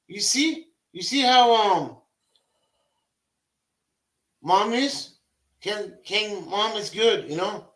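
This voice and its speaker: High-voiced man, slow and halting. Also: lively intonation, fairly bright tone, echoey room. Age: 40s. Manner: halting, broken phrasing with repeated words. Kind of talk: casual chat.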